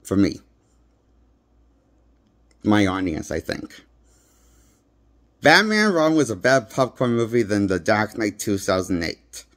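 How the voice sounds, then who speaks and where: A fairly low, sing-song male voice, a little bright, moving at a measured pace with long pauses. He's a movie critic giving a casual review on a handheld phone, rambling, blunt, and repeating himself.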